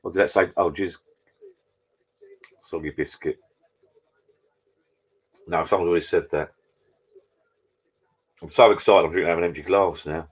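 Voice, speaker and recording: A man's voice: deep voice, fairly even intonation, fast talker, long pauses, slightly rough. A man hosting a casual live stream from his garden bar, chatting with viewers, reading their messages and trading cheeky jokes.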